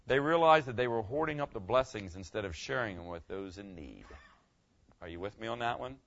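A male pastor preaching a sermon, animated, swinging between loud bursts and hushed asides. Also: fairly low pitch, dull audio.

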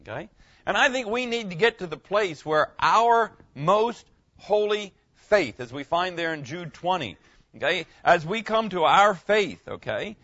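A man's voice: high-pitched, sharp tone, highs cut off. A middle-aged male pastor preaching in a conversational way, often checking in with "okay?" and restarting his words. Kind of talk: sermon.

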